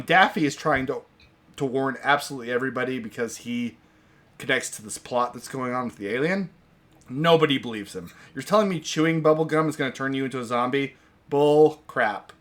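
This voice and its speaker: A man hosting a casual movie-review podcast rants in an exasperated, sarcastic way. His voice is mid-range with a sharp tone, and the talk is casual chat.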